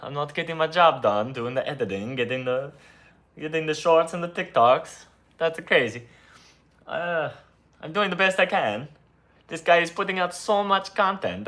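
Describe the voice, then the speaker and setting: A man voicing a mustached Italian video editor with a put-on Italian accent, rambling and defensive with many hesitations. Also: close to an everyday voice. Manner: loud, higher, rambling with many uhs.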